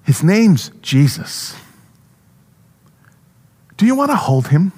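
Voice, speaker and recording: A man voicing a kind young mother in a sermon, soft and welcoming. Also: sits high, sing-song, slow pace, breathy edge, big-room sound, pitched above the performer's own voice, full character voice. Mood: gentle.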